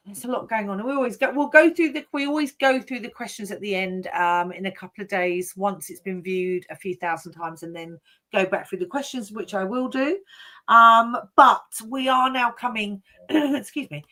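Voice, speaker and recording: A woman's voice: fairly high pitch, moderate pace, pushed and bright. A woman hosting a casual online panel chat, friendly and chatty. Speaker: host.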